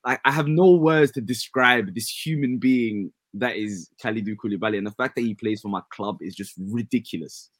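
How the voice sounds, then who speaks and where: A man, co-hosting a casual sports chat, earnest and relaxed, with many fillers. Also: fairly low pitch, normal speed, hardly any pauses, no room sound. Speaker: podcast co-host.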